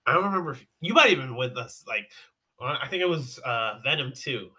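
A young man in casual chat, talking quickly with lots of "like" fillers. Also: medium pitch, expressive, pushed and bright.

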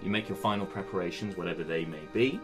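Game master, man, low register, halting delivery with restarts, music bed behind. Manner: halting, full of fillers and restarts. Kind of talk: narrating a tabletop game.

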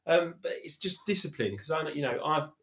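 A man tells his story as a podcast guest. He rambles warmly, leaning on "you know" and "literally", and restarts his sentences often. The room around him gives his voice a noticeable echo. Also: on the high side, lively intonation, brisk. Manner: chatty, repeats himself, many fillers like "you know" and "literally". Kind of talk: casual conversational storytelling. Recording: roomy echo.

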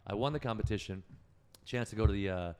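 A man's voice: lowish voice, fast, clear, resonant tone. A man telling stories as a podcast guest in casual chat, rambling, profane and correcting himself as he goes.

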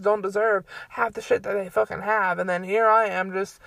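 Her mid-range voice is creaky and moves at a moderate pace on a dry recording. She's a young adult solo podcast host, delivering a casual ranting monologue from her bedroom at home, heated, exasperated, and profane.

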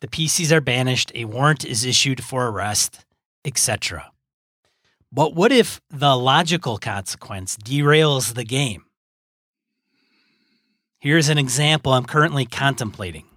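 A man's voice: medium pitch, lively intonation, unhurried, pauses often, a bit bright, no echo, clean studio sound. A man co-hosting a tabletop gaming podcast, joking around casually and reading out listener email. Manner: joking, easygoing. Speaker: podcast co-host.

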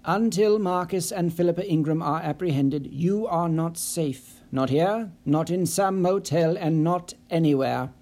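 A cold, authoritative investigator who gives orders and expects obedience, as voiced by a male audiobook narrator. His delivery is clipped and unsympathetic, and his voice is a touch high with a mellow tone. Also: unhurried, few pauses. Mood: stern. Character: stern, commanding male investigator. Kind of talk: audiobook character voice.

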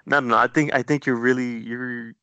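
A man's voice: mid-range voice, fairly even intonation, fairly quick, bright, forceful tone, dull audio. An American man co-hosting a podcast, chatting casually and with encouraging enthusiasm. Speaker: podcast co-host.

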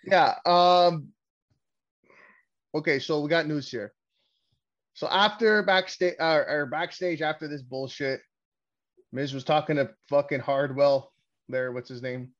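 Male podcast host, Canadian, a little high-pitched, swears a lot and rambles, dull lo-fi mic. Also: a little slow, long pauses. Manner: profane, rambling, excitable. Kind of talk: casual wrestling podcast chat.

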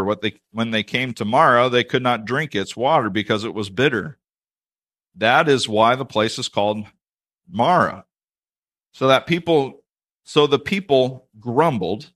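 Reading aloud from scripture during his sermon, a pastor wanders into chatty, self-deprecating tangents. His voice is mid-range and a touch bright.

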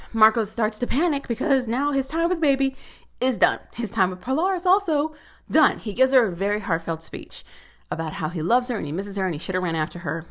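Woman, mid-range pitch, sassy and profane casual show recap. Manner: sassy, profane, animated commentary; quick asides with filler words. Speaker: TV episode recapper.

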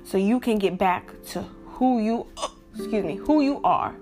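With soft music in the background, a young woman chats openly to the camera in a casual vlog. Her medium-pitched voice is expressive, slightly slow and a bit dark in tone, and occasional hiccups break in as she addresses viewers straight on.

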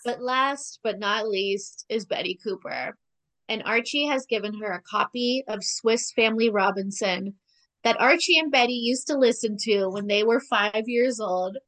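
A woman's voice: a little high, normal speed, a bit bright, low-quality recording. A young woman co-hosting a casual podcast, recapping a TV episode in a chatty, sarcastic way, full of "like". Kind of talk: casual chat.

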